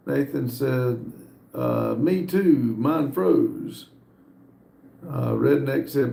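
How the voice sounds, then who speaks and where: A man hosting a live stream, casually reading viewer comments aloud with frequent hesitant pauses. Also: medium pitch, gravelly, mellow, roomy sound. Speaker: livestream host reading viewer chat.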